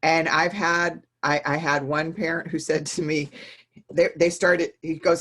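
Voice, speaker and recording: A woman guest on a podcast interview, talking in an animated way and repeating words when she gets excited. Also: deep voice, a little slow. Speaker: guest educator. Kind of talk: casual conversational interview.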